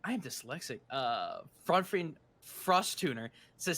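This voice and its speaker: A man co-hosting a stream, reading a paper aloud with halting restarts and joking asides. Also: fairly high pitch, very animated, bright, forceful tone. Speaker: stream co-host reading a fan newspaper aloud. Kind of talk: casual chat and reading aloud.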